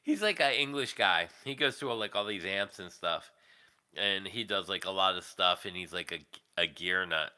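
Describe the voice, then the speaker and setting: Man, livestream host, casual rambling chat, profane, very lively pitch. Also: normal speed, smooth.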